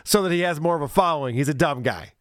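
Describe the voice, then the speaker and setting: A man's voice: a little high, expressive, quick pace, dry recording, studio quality. A man hosting a podcast, giving wry, sarcastic commentary on viewer clips. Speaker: podcast host. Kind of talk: casual podcast chat.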